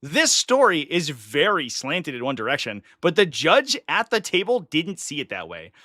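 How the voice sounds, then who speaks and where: A man's voice: a little high, wildly swooping pitch, moderate pace, pushed and bright, no echo, clean studio sound. A man hosting a live stream, talking in a chatty, opinionated way and offering casual commentary. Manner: chatty and opinionated, slips into mock voices of others.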